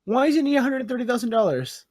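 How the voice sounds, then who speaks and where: A man's voice: very high-pitched, very animated, rapid-fire, darkish tone, no echo, clean studio sound. A young man hosting a podcast in casual chat, rambling, swearing freely and stumbling over his words. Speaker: podcast host.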